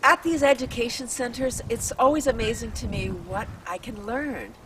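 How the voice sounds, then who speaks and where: A woman's voice: on the high side, normal speed, fairly bright tone. A woman hosting an outdoor tour vlog in a maple forest, bubbly and exclaiming, laughing often and leading breathing exercises. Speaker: host. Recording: distant mic, faint outdoor hum.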